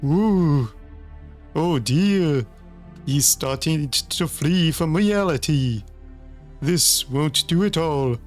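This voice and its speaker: A man's voice: a little high, lively intonation, slow, faint music behind, voice pushed up. A man voicing a fussy, fawning male servant knight.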